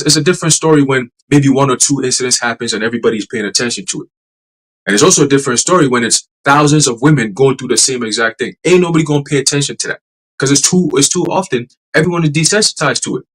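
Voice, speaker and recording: A man's voice: medium pitch, fairly bright tone, poor audio. A man hosting a religious podcast, preaching in a casual, profane and emphatic way.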